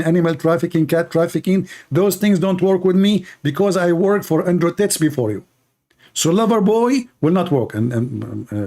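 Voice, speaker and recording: A man's voice: a little high, darkish tone. A man hosting a livestream and giving sarcastic, mocking commentary in a casual ranting style. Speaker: livestream debate host.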